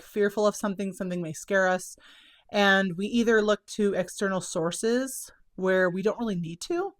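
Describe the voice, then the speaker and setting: A woman's voice: mid-range voice, fairly bright tone. A young woman with a drawl talks casually to her viewers. She is a little out of breath, upbeat and chatty. Her words run together with "kind of" and "like.". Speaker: self-published children's book author and channel host. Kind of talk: casual chat to camera.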